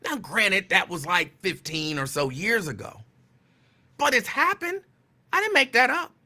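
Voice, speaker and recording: A man's voice: sits high, big pitch swings, unhurried, bright, forceful tone. A man hosting a casual talk stream, chatting loosely, reacting to viewer comments and repeating phrases for emphasis. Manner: chatty, digressive, answers chat comments. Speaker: talk show host.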